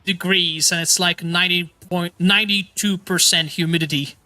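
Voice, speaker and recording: A man's voice: high-pitched, steady tone, moderate pace, bright, forceful tone. A man hosting a casual livestream chat, enthusiastic and laughing often. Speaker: livestream host.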